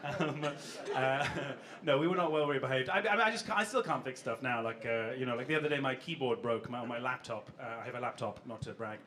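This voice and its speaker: A stand-up comedian with a medium-pitched voice delivers a rambling, self-deprecating set from a club stage, talking briskly with hardly any pauses and chatting with the audience. It's a live club recording, with loud crowd laughter in the background.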